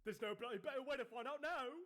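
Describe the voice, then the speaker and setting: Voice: high voice, rapid-fire, noisy background, lightly acted. A performer voicing a rowdy, absurd British bloke who talks like a pirate and rambles in gibberish, in a parody clip. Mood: manic. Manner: rambling gibberish, shouting slang.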